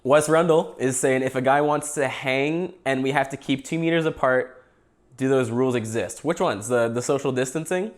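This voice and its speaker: A man's voice: medium pitch, moderate pace. A young Canadian man hosting a casual podcast livestream, rambling and joking while he eats. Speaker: podcast host.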